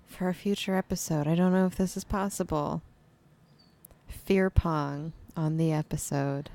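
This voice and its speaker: A woman's voice: sits low, fairly even intonation, unhurried, creaky, dark tone. A woman co-hosting a casual podcast, telling stories in a playful, teasing way. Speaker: podcast co-host. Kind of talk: casual chat.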